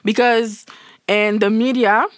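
A woman's voice: fairly high pitch, fairly even intonation, takes it slowly, no echo, clean studio sound. Woman with a Saint Martin accent. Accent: Saint Martin Caribbean. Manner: explains with examples, frequent restarts. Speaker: guest, platform founder. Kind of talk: casual interview.

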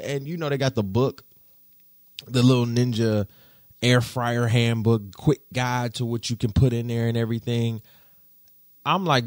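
A man hosting a podcast, telling stories in casual slang with big swings in pitch and loudness. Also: unhurried, long pauses, no echo, clean studio sound. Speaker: podcast host.

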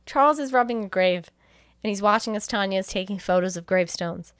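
A young adult woman co-hosts a podcast, speaking fairly quickly in a smooth, medium-pitched voice as she recaps a film scene by scene. She acts out the characters' lines with animation and laughs often in this casual chat. The recording is dry and studio quality.

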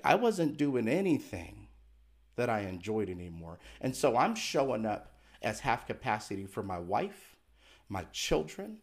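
A man's voice: mid-range voice, gravelly. A middle-aged man, a podcast guest, telling a personal story in an earnest, emphatic and candid way. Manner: earnest and emphatic, acts out remembered dialogue; candid and confessional.

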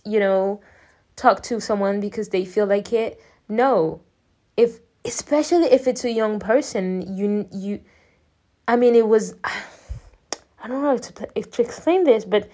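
A woman's voice: mid-range voice, warm tone. A woman in her early twenties telling a personal story in a casual, rambling way, quoting everyone with "I was like.". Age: 20s. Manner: rambling, quotes people with "I was like". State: near tears at times. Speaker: podcast host.

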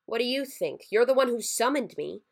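A woman voicing a gangly, scaly male Christmas creature who talks in a raspy, brash and impatient way. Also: fairly low pitch, moderate pace, natural voice.

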